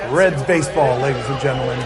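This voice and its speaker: A man hosting a sports talk show, bantering loudly over highlight clips and jumping into excited yelps. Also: fast, a loud crowd. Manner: excitable, jumps into high-pitched yelps.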